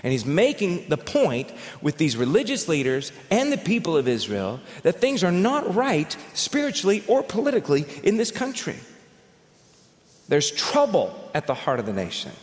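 A man preaching a sermon as pastor, telling stories in an animated way and often repeating words as he goes. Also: on the high side, moderate pace. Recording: long reverb of a large hall.

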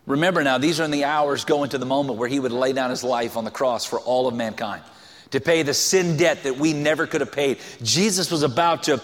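A man's voice: a little high, big-room sound. A male pastor preaching a sermon in a loose, conversational way, joking and using many filler words. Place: church sanctuary.

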